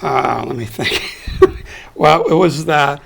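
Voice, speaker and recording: An older man chatting as a guest, agreeable and slow to recall names. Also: on the high side, gravelly, slight background noise. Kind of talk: casual chat.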